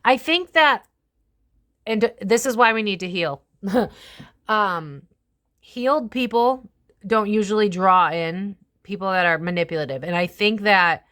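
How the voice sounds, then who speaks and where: Smooth-voiced woman in casual tarot chat. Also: medium pitch, a little slow, fairly bright tone. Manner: chatty, swears freely, slips into voicing others. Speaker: tarot reader and channel host. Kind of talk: casual psychic tarot commentary.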